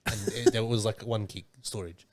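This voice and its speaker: A man's voice: lowish voice, steady tone, normal speed, a little mellow. A young man chatting casually on a podcast, playful and mock-boastful, laughing as he tells stories. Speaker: podcast guest co-host. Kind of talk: casual chat.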